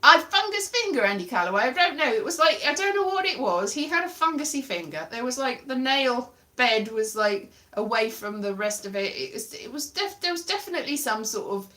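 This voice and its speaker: A young woman talks straight to camera in a very small room, drifting from story to story in a rambling, self-mocking way. Her voice is bright and fairly high, and it swoops up and down a lot. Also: very animated, fairly quick, hardly any pauses. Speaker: comedian vlogger. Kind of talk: rambling comic monologue.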